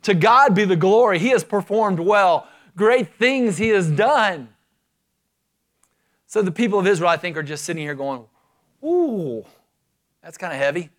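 A man's voice: high-pitched, moderate pace, a bit bright. A man preaching a sermon, retelling scripture and pressing his listeners with rhetorical questions.

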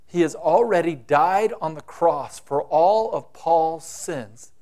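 A preacher with a high voice and a slow, deliberate delivery. He gives a dramatic sermon and acts out the voices he quotes. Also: a little mellow. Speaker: pastor.

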